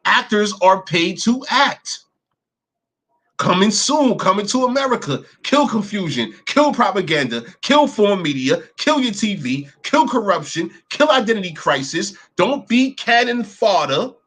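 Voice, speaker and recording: A man giving profane, animated commentary as he reacts to videos, full of rhetorical questions and repetition. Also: high voice, measured pace.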